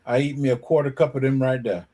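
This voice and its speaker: Man, medium pitch, easygoing, brief plain answers. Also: fairly even intonation, fast, crowd noise. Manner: laid-back, short matter-of-fact answers. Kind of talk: casual chat.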